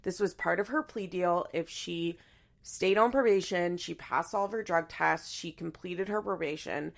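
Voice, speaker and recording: A young woman hosts a casual solo podcast, her voice hoarse and her nose stuffed up from allergies. Her tone carries a gravelly, creaky edge. She rambles chattily, laughing often and restarting her sentences. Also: lowish voice, normal speed. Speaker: podcast host.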